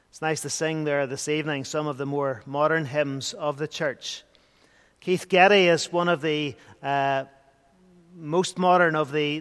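A man's voice: a little high, fairly bright tone, clear, resonant tone. A man preaching a sermon in a church, earnest, with emphatic swells. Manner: earnest, rising to emphatic bursts. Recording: long church hall reverb.

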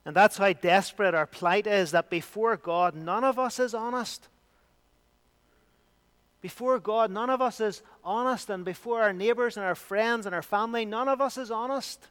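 A man delivers a sermon in a high, resonant voice. His preaching is emphatic, swelling to loud declarations and falling to quiet, hushed lines. The tone stays smooth and clear throughout. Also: normal speed.

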